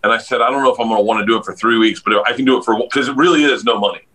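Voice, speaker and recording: Bright-voiced comedian telling loud stories. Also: male voice, racing, husky, low-quality recording. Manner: loud storyteller, laughs a lot, jumps up in pitch when excited. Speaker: guest comedian. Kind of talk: casual podcast chat. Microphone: video call.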